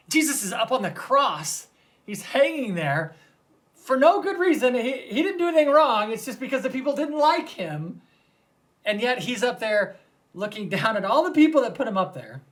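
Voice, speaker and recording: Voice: mid-range voice, fairly bright tone. A pastor giving a conversational Lenten sermon, retelling scripture scenes vividly and inviting listeners to picture them.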